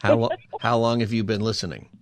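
A man's voice: fairly low pitch, fairly even intonation, quick pace, crowd noise. A man hosting a call-in radio show as a pastor, talking in an earnest, conversational way. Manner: earnest, conversational, repeats phone number.

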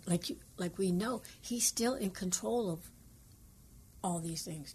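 Husky, mellow-voiced woman co-hosting a radio show. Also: lowish voice, unhurried. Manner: earnest, devotional, quotes scripture, dips into hushed asides. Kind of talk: radio call-in talk.

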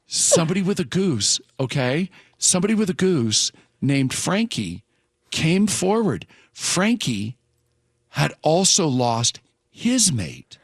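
A man's voice: a little high, sing-song, unhurried, dry recording, studio quality. A man hosting a morning radio show, chatting casually and rambling with fillers and restarts. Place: radio studio.

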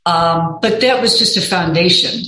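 A woman's voice: lowish voice, moderate pace, pushed and bright. Middle-aged woman guest, candid and rambling, recorded in a roomy echo. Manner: rambling, candid, peppered with 'you know'. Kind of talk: casual interview chat. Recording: echoey room.

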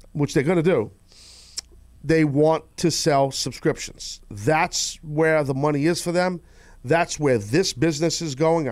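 A man hosting a podcast, talking bluntly and gruffly in rambling casual chat. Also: a little high, a little mellow, dry recording. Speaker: podcast host.

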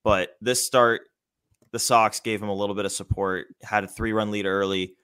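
A man's voice: on the low side, fairly even intonation, normal speed, a bit bright, smooth. A man casually chatting about baseball as a podcast host, enthusiastic and loose, with the odd swear. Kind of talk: casual sports chat.

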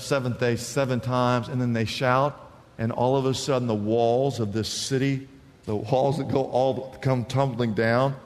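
A male pastor preaching a sermon, telling stories and acting out the people in them. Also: medium pitch. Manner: animated storytelling with acted-out voices. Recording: long reverb of a large hall.

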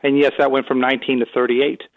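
A man appearing as a policy expert on a radio show, explaining in a measured way. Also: mid-range voice, little pitch movement, no echo, narrow, tinny audio. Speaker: policy think tank guest. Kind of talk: radio interview.

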